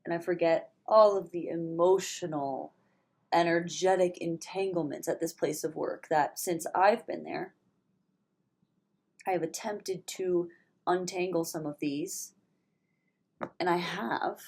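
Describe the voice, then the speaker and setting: A young woman with a low voice talks in a loose, rambling way, stuffed up and worn out from a hangover. She swears without a second thought, and now and then her voice falls to a whisper. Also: a little slow, gravelly, long pauses, darkish tone. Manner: rambling and candid, swears freely, with sudden whispered asides. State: hungover and stuffy-nosed. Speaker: vlogger. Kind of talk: casual spiritual vlog monologue.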